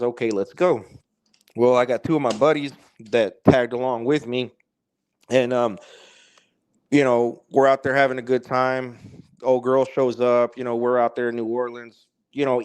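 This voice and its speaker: A man's voice: medium pitch, smooth, no room sound. Rambling casual male storyteller, dry sound. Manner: loose and rambling, heavy on fillers and swearing. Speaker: guest.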